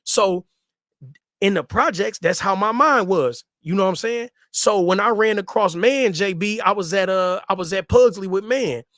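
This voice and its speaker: A man's voice: sits high, moderate pace, a bit bright, no room sound, clean studio sound. A man in his thirties casually telling a story in loose street slang and repeating himself for emphasis.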